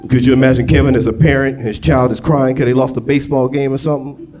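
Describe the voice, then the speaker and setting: A young man performing a crude, excitable stand-up set, on a comedy club stage with a handheld mic. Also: mid-range voice, fast talker. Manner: loud, crude, excitable storytelling. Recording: live club with loud crowd. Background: audience laughing.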